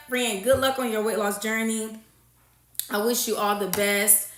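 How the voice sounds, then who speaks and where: A woman's voice: on the high side, fairly even intonation, measured pace, reverberant. A woman, a registered nurse, hosting a casual livestream and chatting with her viewers. She repeats her points and reads out and answers comments from the chat. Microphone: phone or webcam livestream setup.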